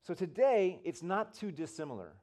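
A man's voice: high voice, moderate pace. A man preaching a sermon to a congregation, telling stories and acting out the voices in them. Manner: storytelling, animated, acts out voices. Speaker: pastor. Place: church in front of a congregation.

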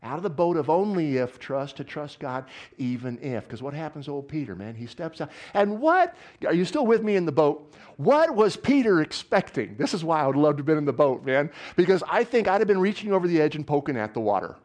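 Male pastor, sermon in a church; animated, lively pitch, alternates loud exclamations with quiet asides, asks the room questions. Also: fairly quick, few pauses. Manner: asks the audience questions often.

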